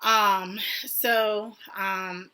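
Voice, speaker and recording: A young woman with a bright, clear-edged voice tells her own story in a loose, conversational way. She leans on "like" and "I was like," acting out what was said, at a middle pitch. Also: fairly even intonation, extremely slow. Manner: conversational, many "like" and "I was like" quotes. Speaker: vlogger sharing a personal story. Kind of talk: casual personal storytelling.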